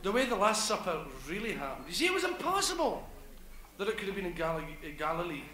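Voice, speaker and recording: A man's voice: high voice, wildly swooping pitch, fast, background noise. A Glaswegian man doing live stand-up storytelling in a hesitant, wry way, full of local slang. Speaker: comedian. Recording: echoey live room, loud crowd laughter.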